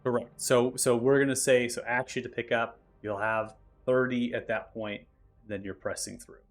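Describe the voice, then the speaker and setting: A man acting as game master, calmly narrating the action and explaining rules step by step. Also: medium pitch, normal speed, soft background music. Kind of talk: narrating and ruling a tabletop game.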